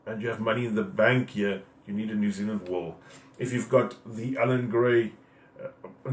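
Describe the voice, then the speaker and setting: A man, a financial adviser giving plainspoken, direct advice and answering viewer questions in a live talk. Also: medium pitch. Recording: roomy echo.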